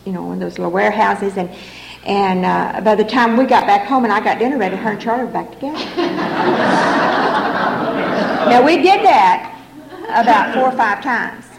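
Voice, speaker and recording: Older woman with a gravelly, roomy voice. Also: mid-range voice, moderate pace, pauses often, noisy background. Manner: folksy, frank storytelling with wry humor. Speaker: speaker sharing her story at a recovery meeting. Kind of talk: personal testimony to a meeting audience.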